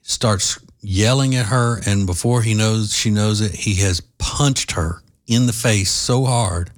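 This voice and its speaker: A low-pitched man hosts a solo commentary show and lays out his opinions at length. He talks in halting runs full of fillers and restarts, and slips in dry sarcasm now and then. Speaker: host.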